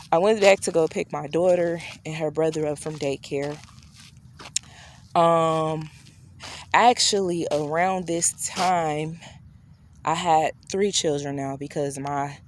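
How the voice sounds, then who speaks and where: A woman vlogger telling a personal story in a casual, chatty way, talking straight to her viewers and acting out the dialogue. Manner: chatty, addresses viewers directly; acts out quoted dialogue with shifting pitch.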